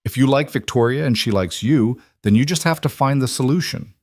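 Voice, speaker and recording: A man's voice: mid-range voice, fairly quick, no echo, clean studio sound, voice pushed up, natural voice. A man voicing a bouncy, bossy eight-year-old girl who talks eagerly and with total certainty. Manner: eager, matter-of-fact, insistent.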